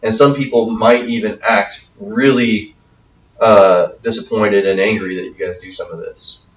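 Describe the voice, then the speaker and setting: A man's voice: lowish voice, fairly even intonation, a little slow, highs cut off. A man as youth pastor giving a conversational talk to teens, often checking in with "okay?". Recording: echoey room, from a distance.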